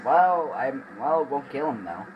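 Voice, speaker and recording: A man's voice: medium pitch, expressive, normal speed, highs cut off, background noise. A man hosting a gameplay video, commenting casually in a goofy, joking, self-mocking way. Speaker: gaming channel host.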